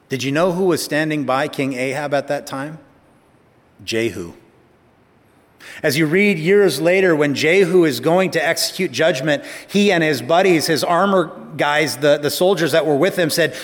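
A man's voice: a little high, moderate pace. Emphatic male preacher, hall reverb. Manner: emphatic, shifting pace, rising for emphasis. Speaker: pastor. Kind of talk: sermon.

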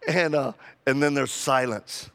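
Gravelly preacher man. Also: mid-range voice, a little slow. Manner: animated, humorous storyteller. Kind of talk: sermon with comic storytelling.

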